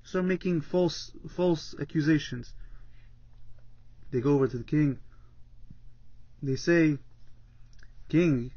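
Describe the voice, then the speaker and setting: A somewhat high-voiced man teaching a relaxed Torah lesson, slipping into the voices of the characters in a parable he retells. His tone is husky, and the recording sounds dull and lo-fi. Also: slow pace, pauses often. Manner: retells a parable in plain talk, acts out the characters with restarts. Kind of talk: casual Torah class storytelling.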